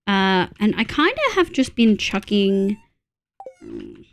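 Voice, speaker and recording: A young woman from Australia streaming a farming game, chatting casually, gasping with excitement and counting items aloud. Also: mid-range voice, takes it slowly, gravelly, slight background noise. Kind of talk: casual gameplay chat.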